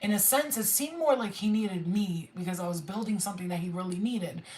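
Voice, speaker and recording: A woman chatting casually on a spiritual livestream, excitable and slangy, swearing freely. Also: mid-range voice, fairly quick, roomy sound, rough recording.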